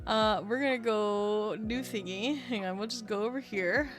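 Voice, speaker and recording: A woman livestreamer chatting casually with her viewers, excitable and chatty, swearing often. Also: mid-range voice, moderate pace, music in the background. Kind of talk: casual live-stream chat.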